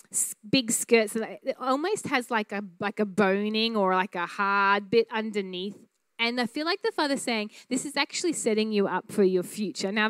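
A woman teaching a church class on prophetic prayer, speaking in an earnest, conversational way with frequent fillers and quick laughs. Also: medium pitch, no room sound.

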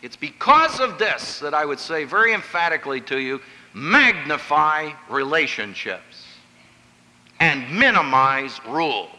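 A man's voice: a little high, expressive, a little slow, bright, forceful tone, in a large hall, low-quality recording. A man from Pennsylvania giving an emphatic, story-filled talk on family life, acting out the voices he quotes. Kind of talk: sermon-style lecture with stories.

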